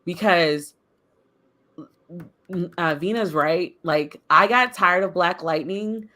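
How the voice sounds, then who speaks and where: A woman co-hosting a casual book club discussion, expressive and rising in pitch when exasperated. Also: slow. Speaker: podcast co-host.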